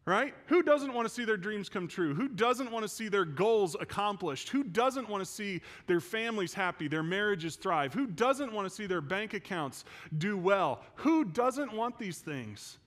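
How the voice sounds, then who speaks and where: A man's voice: high voice, normal speed, few pauses. A man preaching a sermon as a pastor, telling Bible stories with energy and acting out the voices of the characters. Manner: animated storytelling preacher, acts out voices of biblical characters. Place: church.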